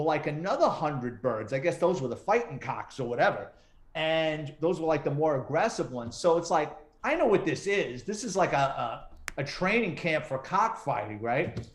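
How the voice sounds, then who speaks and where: Animated storytelling man, roomy echo. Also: fairly high pitch. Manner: animated, acts out quoted voices. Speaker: retired police detective and author, interview guest. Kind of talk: casual storytelling interview.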